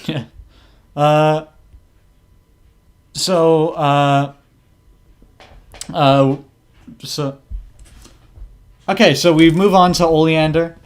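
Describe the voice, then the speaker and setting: A man narrating as game master of a tabletop game, halting and full of restarts. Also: on the high side, steady tone. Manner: halting, many fillers and restarts.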